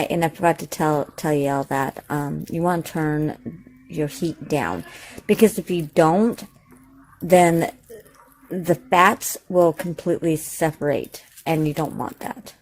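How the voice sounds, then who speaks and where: Chatty woman with a low voice. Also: takes it slowly. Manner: rambling, chatty, lots of fillers and self-corrections. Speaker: home cooking vlogger. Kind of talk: casual cooking vlog chat. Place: home kitchen.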